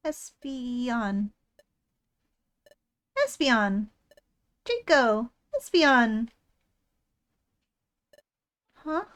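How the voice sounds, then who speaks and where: A woman's voice: high-pitched, a bit bright. A woman streaming a game live, reacting candidly and openly moved.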